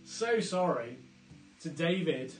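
A man's voice: fairly high pitch, animated, slow pace, roomy sound, faint music behind. A man hosting a live online pub quiz, chatty and jokey, often going off on tangents. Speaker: quiz host.

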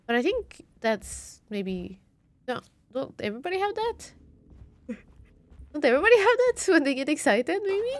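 Bubbly, high-voiced woman streamer. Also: very animated, normal speed, dry recording. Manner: chatty, reacts aloud to the game. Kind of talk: live gameplay commentary.

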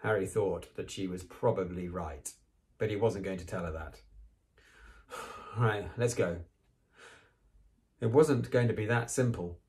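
A man reading a children's novel aloud, with expressive, animated storytelling. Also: on the low side. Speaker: reader.

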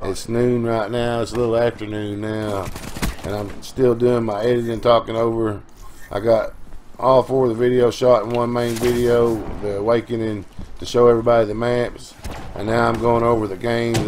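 A man's voice: lowish voice, a little mellow, a little hiss or hum. Tired, folksy gamer man. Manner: rambling, folksy and profane, with quick outbursts. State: tired from no sleep. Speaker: gaming channel host. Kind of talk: gameplay commentary voice-over.

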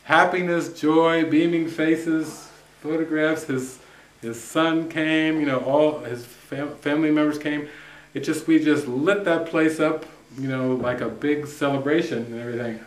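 A male spiritual teacher telling a story to a retreat group, animated and often laughing as he acts out what people said. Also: on the high side, a little slow. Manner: animated anecdote, often laughing and acting out quotes. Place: retreat center room. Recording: echoey room.

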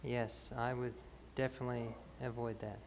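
A man's voice: medium pitch, level tone, moderate pace, vocal fry, a crowd in the background. A man answering health questions after a talk in a church hall, explaining with fillers and restarts. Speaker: health speaker. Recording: reverberant church hall, faint ambience.

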